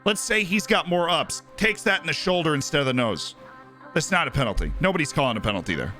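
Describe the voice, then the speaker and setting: A man's voice: on the high side, sing-song, fast, bright, forceful tone, faint music behind. A man hosting a live stream, chatting casually about football and rambling with lots of "right?" and "like". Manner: rambling, tags "right?" and "like" often.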